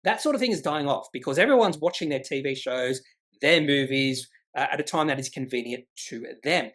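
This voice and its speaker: A man's voice: mid-range voice, animated, brisk, fairly bright tone. A man hosting a casual daily stock market rundown, chatty and rambling with asides. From Australia. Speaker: stock market video host.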